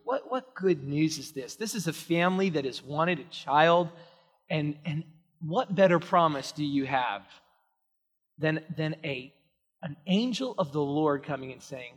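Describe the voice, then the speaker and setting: A male pastor preaching a sermon in a church sanctuary, emphatic and swinging from hushed to loud. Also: on the high side, expressive, measured pace. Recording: long reverb of a large church hall.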